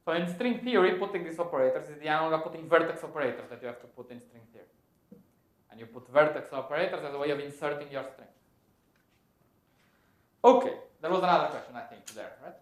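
A man's voice: on the high side, expressive, fast talker. A man giving a technical physics lecture, explaining step by step and correcting himself as he goes. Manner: thinks aloud, self-correcting, explanatory. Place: lecture hall. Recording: echoey lecture room.

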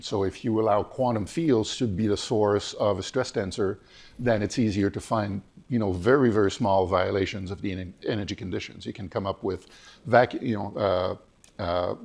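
A hoarse man leads a technical physics seminar, his voice gravelly and husky and pitched a little low. He talks haltingly, restarting phrases and leaning on fillers as he explains. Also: a little mellow. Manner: hesitant, many fillers and restarts. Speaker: physics lecturer.

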